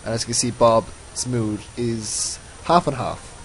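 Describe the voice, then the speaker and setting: A man's voice: medium pitch, fairly even intonation, measured pace, a little hiss or hum, poor audio. A man giving casual, rambling commentary over his own gameplay, often mocking himself. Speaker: let's play host.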